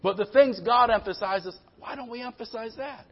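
A man preaching a sermon, emphatic, calling out to the congregation and swinging between loud bursts and quiet low passages. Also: moderate pace, hardly any pauses, slightly rough, lo-fi sound. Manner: emphatic, calls out "Amen?" to the congregation.

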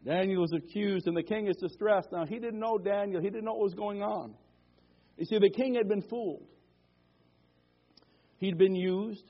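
High-voiced fervent male preacher. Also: moderate pace, pauses often. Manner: fervent preaching, calls for amens, repeated declarations. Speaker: pastor. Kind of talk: sermon. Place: church sanctuary. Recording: dull lo-fi church recording.

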